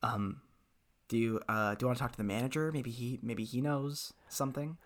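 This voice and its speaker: A man playing a laid-back male deli clerk in an improvised impression, low and hesitant with many ums. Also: brisk, close to an everyday voice. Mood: mumbling.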